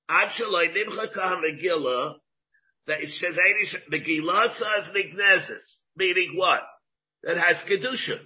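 A man's voice: sits high, slightly rough. A man, a rabbi giving a Talmud class, who asks rhetorical questions, repeats his phrases and mixes in Hebrew terms, on a dull lo-fi recording.

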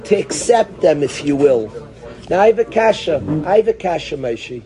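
Male rabbi giving a Torah class, warm and higher-pitched, acting out questions and answers as he thinks aloud. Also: very animated, moderate pace, slight background noise. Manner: sprinkles Hebrew and Yiddish terms. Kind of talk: Torah lesson.

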